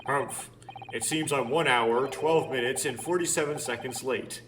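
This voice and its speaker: A man voicing a pompous, self-important senior judge who speaks slowly and grandly, over game music. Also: mid-range voice, background noise, natural voice. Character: pompous tardy lord chief justice, older man. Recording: game music playing underneath.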